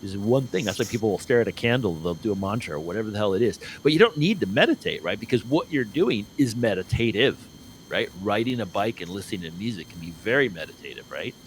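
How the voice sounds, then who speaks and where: A man's voice: on the low side, expressive, fast talker, slight background noise, low-quality recording. A man from Arizona co-hosting a podcast in casual conversation, chatty and swearing, tagging "right?" onto his points. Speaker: podcast co-host.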